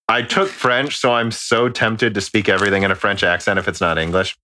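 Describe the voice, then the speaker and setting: A man co-hosting a laid-back podcast, his voice bright and forward. He jokes, swears now and then and stumbles cheerfully over unfamiliar words, with a faint hiss behind him. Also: lowish voice, normal speed, few pauses. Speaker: podcast co-host. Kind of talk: casual chat. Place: home recording during quarantine.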